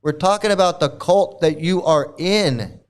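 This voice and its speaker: A male host delivers livestream commentary with emphatic exasperation. He hammers the same phrases again and again and swears freely. His voice is fairly high, smooth and clear. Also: a little slow. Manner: emphatic, exasperated, repetitive, profane.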